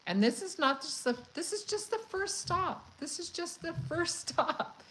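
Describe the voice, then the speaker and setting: A woman hosting a cooking channel, chatting casually and telling a story in a frank, profane, animated way. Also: extremely high pitch, a little slow, a little hiss or hum, low-quality recording. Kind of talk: casual live chat storytelling.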